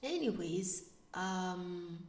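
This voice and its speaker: Young adult woman vlogger, not a native English speaker, lowish voice, whispers then bursts out, mic a bit distant in an echoey room. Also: very slow, noisy background. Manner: animated, switching between hushed whispers and excited bursts. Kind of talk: casual storytelling vlog.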